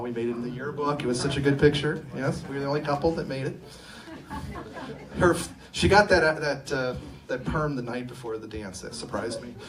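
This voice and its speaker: A middle-aged man from California, co-owner of an engineering firm, telling personal stories with self-deprecating humor in a conference talk. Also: mid-range voice. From Sacramento, California. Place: event room at a live talk. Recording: distant mic, faint room ambience.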